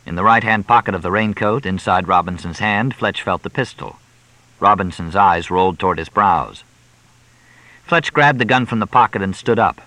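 Low, bright male audiobook narrator. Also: normal speed, dry recording, poor audio. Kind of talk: scripted narration of a crime novel.

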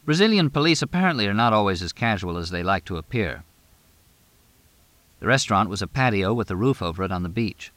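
Low, dry-sounding man narrating a novel at a steady, measured pace. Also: no echo. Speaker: audiobook narrator. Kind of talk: scripted narration.

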